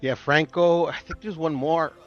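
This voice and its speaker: A man's voice: fairly high pitch, steady tone, moderate pace, highs cut off, soft background music. A man co-hosting a casual stream, laid-back and a bit hesitant. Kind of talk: casual livestream chat.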